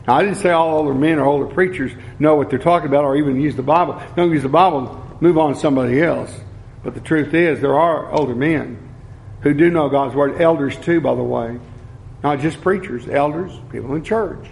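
Middle-aged guy preaching, kinda high-pitched, earnest, slows way down to hit his points. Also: creaky. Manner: earnest, slows down for emphasis, repeats key phrases. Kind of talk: sermon.

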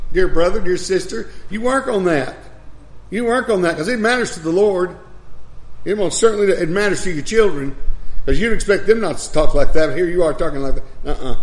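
A man's voice: high voice, roomy sound. An older man preaching a sermon in a folksy, emphatic way, often repeating his phrases.

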